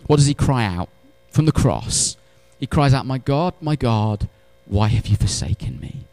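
A man delivers a church sermon with lively, dramatic swings between forceful emphasis and quiet, intimate moments. He drops dry, self-aware jokes to his congregation between scripture readings. His voice sits at an ordinary male pitch. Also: a little slow, dry recording. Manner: animated preaching, swinging from loud to hushed, with wry asides. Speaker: pastor.

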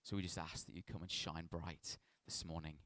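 This pastor's sermon starts with a scripture reading, then moves into chatty, self-deprecating storytelling. His low, fairly bright voice stays level at a moderate pace, with no echo in the recording.

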